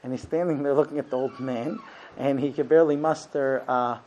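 A man's voice: medium pitch, steady tone, a little fast, a little mellow, slight background noise. A man giving a Torah lesson, telling a story with many ums and uhs. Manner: hesitant, frequent ums and uhs. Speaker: Torah teacher. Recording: dull lo-fi recording.

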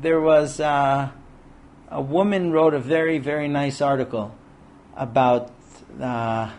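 A man teaching a Torah class to a group of men, lively and animated, acting out quoted voices and asking rhetorical questions. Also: medium pitch, slow.

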